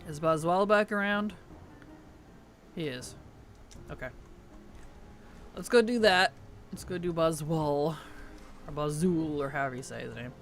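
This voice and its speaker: A man's voice: a little high, unhurried, long pauses, a bit bright, faint music behind. A man streaming a game, chatting casually, laughing often and greeting his chat as he plays. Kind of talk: casual gaming livestream chat.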